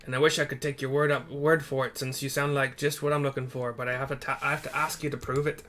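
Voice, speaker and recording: A man voicing a feisty small male dwarf warrior in a rough put-on accent that slips in and out. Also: mid-range voice, level tone, fast, fairly bright tone, close to an everyday voice. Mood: gruff.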